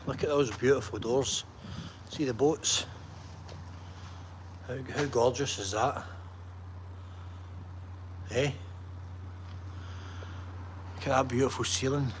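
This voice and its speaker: A man's voice: mid-range voice, steady tone, slow pace, long pauses, noisy background. Chatty man vlogging outdoors. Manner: chatty, enthusiastic, keeps asking "right?". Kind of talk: walking vlog talk to camera.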